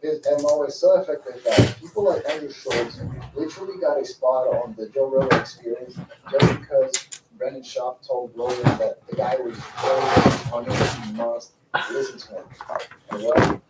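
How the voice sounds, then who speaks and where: A man's voice: medium pitch, steady tone, normal speed, very noisy. Emphatic male commentary narrator, distant and roomy. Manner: emphatic, repeats phrases for stress.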